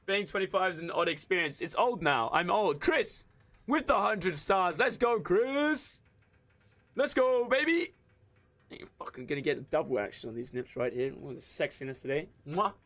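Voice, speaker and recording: A man in his twenties chatting casually with his livestream chat while gaming, excitable and swearing a lot. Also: fairly high pitch, a little fast, no room sound. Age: 20s. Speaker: streamer. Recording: noisy background.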